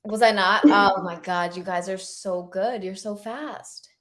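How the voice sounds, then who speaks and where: A woman's voice: mid-range voice, unhurried, a bit bright. A woman co-hosting a live match watchalong, chatting casually and talking to viewers. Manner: chatty, reacts to live scores, addresses viewers. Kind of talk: casual live-stream chat.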